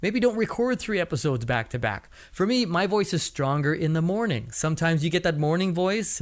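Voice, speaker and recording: A man's voice: a little high, expressive, brisk, few pauses. A middle-aged man hosting a podcast, giving blunt, wry advice in a solo talk. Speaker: podcast host and coach.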